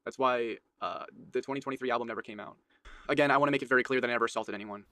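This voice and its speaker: A man's voice: medium pitch, racing, fairly bright tone, no echo. A man reading out an earnest, defensive personal statement in a video clip. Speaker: creator making a statement video.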